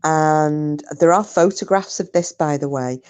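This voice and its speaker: An online storyteller recounts a true story to her viewers in relaxed, chatty fashion, drifting into digressions. Her voice is very low for a woman, smooth and unhurried, lingering over each phrase.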